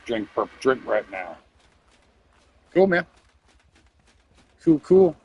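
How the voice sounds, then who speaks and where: A man's voice: medium pitch, big pitch swings, slow, darkish tone, breathy edge, highs cut off. A young man streaming a game at home, chatting casually and joking with his chat. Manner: rambling, jokey, talks to chat. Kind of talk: casual live-stream chat while playing.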